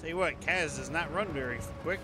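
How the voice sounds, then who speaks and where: A man's voice: fairly high pitch, brisk, noisy background. A man giving casual, sweary, joking commentary while streaming a game. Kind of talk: casual let's play commentary.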